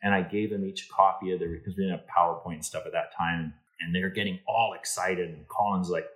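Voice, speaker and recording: A man's voice: sits low, moderate pace, rough recording. A middle-aged man, an insurance executive, telling stories on a podcast and acting out the dialogue. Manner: animated anecdotes, acts out quoted dialogue. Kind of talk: casual storytelling interview.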